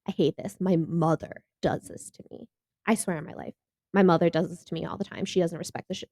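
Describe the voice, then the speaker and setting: A woman's voice: fairly low pitch, darkish tone, no echo, studio quality. A woman hosting a reaction video in a casual, chatty way, laughing often and acting out quoted lines.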